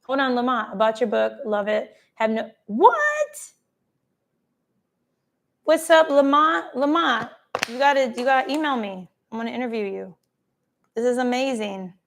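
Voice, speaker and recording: A woman's voice: fairly high pitch, a little fast, gravelly. A woman hosting a casual live stream, effusively reading and thanking viewers' comments by name. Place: travelling, streaming from a holiday spot.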